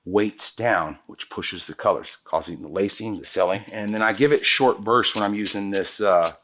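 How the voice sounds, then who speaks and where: The host of this hands-on product demo is an epoxy countertop instructor who walks viewers through a pour. His voice is lowish and a bit bright, his pace moderate, and his delivery slangy and enthusiastic while he works.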